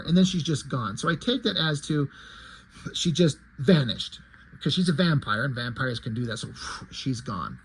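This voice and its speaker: A man's voice: medium pitch, expressive, normal speed, breathy edge. A man casually retelling a book's plot, rambling with profane asides and fillers. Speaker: reader summarizing a book.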